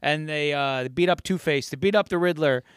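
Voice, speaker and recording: A man co-hosting a podcast, his voice smooth and fairly high for a man. He rambles through a story with lively energy. The sound is close and dry. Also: a little fast, no room sound. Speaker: podcast co-host. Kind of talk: casual chat, retelling an episode.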